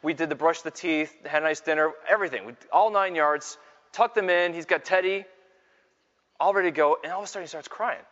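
A middle-aged man gives a lively faith talk to a full room, spinning self-mocking stories that climb into loud exclamations. His voice sits on the high side for a man, and it rings with a long reverb in a big hall. The recording is dull and lo-fi. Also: brisk. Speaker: Catholic speaker and Scripture teacher. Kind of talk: live faith talk with storytelling. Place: large hall with a live audience.

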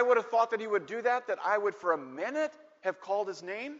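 A man with a high, very lively voice tells a story from the pulpit and slips into the voices of the people in it. The sound is muffled and rings out in a long hall reverb, like a church. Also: fairly quick, hardly any pauses. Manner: animated, acts out voices in stories. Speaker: preacher. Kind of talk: storytelling sermon. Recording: dull echoey hall recording.

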